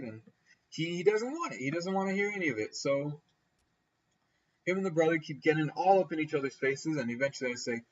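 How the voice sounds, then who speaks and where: A man's voice: a little fast, highs cut off. A man telling a casual story over gameplay, acting out the people he quotes with sudden jumps in his voice. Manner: animated, acts out quoted people with pitch jumps. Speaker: gaming storyteller.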